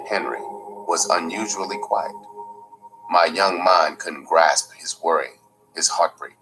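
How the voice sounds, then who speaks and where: A man reading a first-person memoir aloud in a slow, measured, gritty storytelling manner. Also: very deep voice, fairly bright tone, slight background noise, poor audio. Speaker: audiobook narrator. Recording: faint music underneath.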